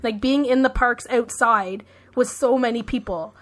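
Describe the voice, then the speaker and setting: A woman from Canada talks casually as a podcast co-host, slightly high-pitched. She sounds playful, and her speech is hesitant, with plenty of likes. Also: unhurried, a bit bright. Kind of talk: casual chat.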